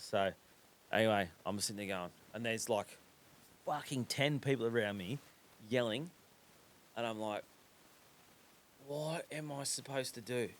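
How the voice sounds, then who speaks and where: A man with an Australian accent hosting a podcast, telling a rambling, swear-heavy story in casual chat. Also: fairly low pitch. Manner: swears constantly, animated, drops into quoted voices. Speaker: podcast host.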